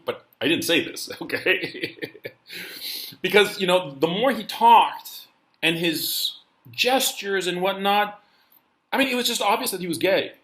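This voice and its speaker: A man's voice: sits high, a little slow, fairly bright tone. A man hosting his own channel, telling a story in a loose, rambling, conversational way from indoors. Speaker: channel host. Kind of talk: casual storytelling monologue. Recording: roomy echo.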